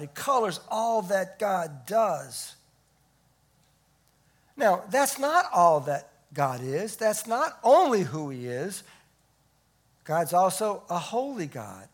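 A man preaching a sermon, stressing key words loudly and dropping to hushed asides. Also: high voice. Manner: emphatic, swinging between loud stresses and hushed asides. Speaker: pastor.

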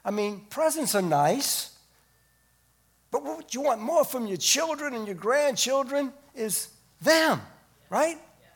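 A middle-aged man preaching a sermon as pastor, swelling to emphatic peaks and then dropping low and quiet. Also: lively intonation, slow, pauses often.

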